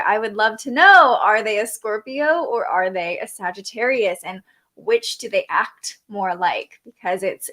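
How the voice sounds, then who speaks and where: A woman's voice: fairly high pitch, fairly bright tone. A young adult woman hosting a live astrology forecast, talking in an upbeat, chatty way and reading out viewer comments. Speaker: astrology show host.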